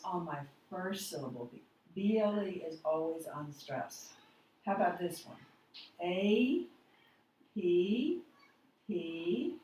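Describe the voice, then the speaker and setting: A woman teaches phonics in a slow, careful way, spelling words out one letter at a time. Her voice sits a little low and sounds far from the mic in a very echoey room with faint background noise. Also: a little mellow. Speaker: reading teacher. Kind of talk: phonics lesson at a board.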